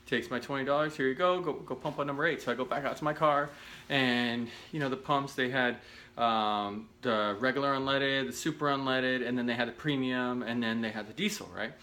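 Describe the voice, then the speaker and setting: A man casually telling a self-deprecating story to his viewers, animated and rambling with restarts. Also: mid-range voice, normal speed. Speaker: vlogger.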